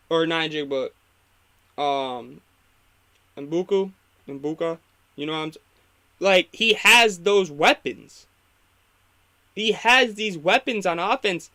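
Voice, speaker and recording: Bright-voiced man ranting about football. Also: high voice. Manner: opinionated, rambling, fired up when critiquing. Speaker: sports talk host. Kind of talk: casual live football reaction.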